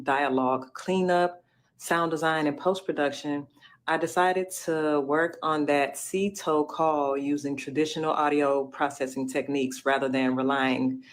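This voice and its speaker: A woman audio engineer giving a measured, technical explanation of her work. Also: sits low. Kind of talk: prepared explanation.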